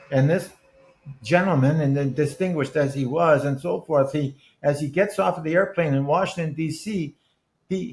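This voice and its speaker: A man's voice: a little high, creaky. A man in his eighties, a guest in a podcast interview, telling stories in an earnest, rambling way with many restarted sentences. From Wisconsin. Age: 80s. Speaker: guest, author and former politician. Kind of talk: conversational podcast interview with anecdotes.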